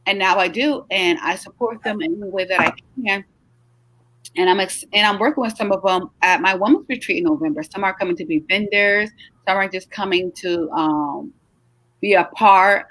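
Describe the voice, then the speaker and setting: A woman's voice: medium pitch, dry recording. A middle-aged woman hosting a casual live chat, talking in a chatty, encouraging way and sounding tired. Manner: chatty, animated, encouraging, drawn-out emphatic words. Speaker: host, travel agency owner.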